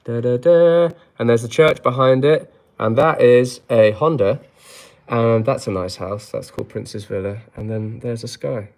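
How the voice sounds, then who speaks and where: A man talking casually from home at a middle pitch, reading out viewer comments one after another. His delivery is dry and he slips jokes in between them. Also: steady tone, moderate pace, creaky, a little mellow. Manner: dry, joking asides. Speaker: musician hosting a live stream. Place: home flat, indoors.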